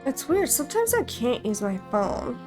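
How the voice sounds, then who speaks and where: A woman's voice: fairly high pitch, big pitch swings, normal speed, music in the background. A woman hosting a gaming channel, casually commenting and thinking aloud while playing. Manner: chatty, thinks aloud, jokey.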